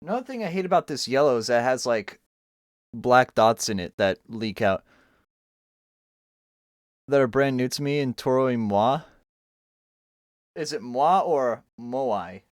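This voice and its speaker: A man's voice: medium pitch, expressive, a little slow, pauses often, dry recording, clean studio sound. A young man streaming from home, chatting casually and rambling while he draws, joking and poking fun at himself. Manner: rambling, joking, self-mocking. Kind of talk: casual chat while drawing.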